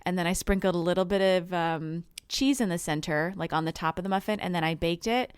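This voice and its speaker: A woman co-hosting a casual podcast, laughing often and giving calm, practical advice. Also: fairly low pitch, a little fast, smooth, no room sound, clean studio sound. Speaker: podcast co-host. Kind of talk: casual chat.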